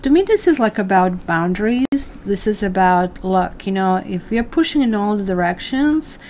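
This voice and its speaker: A woman's voice: mid-range voice, expressive, moderate pace, a little mellow, a little hiss or hum. A woman doing a chatty live tarot reading for viewers, full of fillers and asides. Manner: chatty, addresses viewers as guys, many fillers. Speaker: tarot reader.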